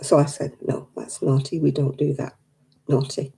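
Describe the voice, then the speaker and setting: A woman's voice: sits low, flat delivery, normal speed, creaky, dark tone. An older woman, telling stories in casual chat and acting out the dialogue. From England. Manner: chatty, acts out quoted dialogue. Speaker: craft night participant.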